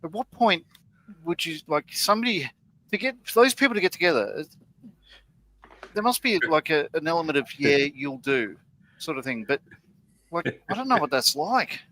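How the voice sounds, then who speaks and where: A man's voice: on the high side, sing-song, brisk, long pauses, pushed and bright, low-quality recording. A man from Australia joking and teasing in casual banter on a group stream. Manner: teasing, jokey.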